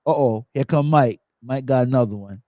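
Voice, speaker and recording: A man hosting a podcast in casual chat, telling funny stories with animated energy and acting out quotes. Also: medium pitch, moderate pace, no echo. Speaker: podcast host.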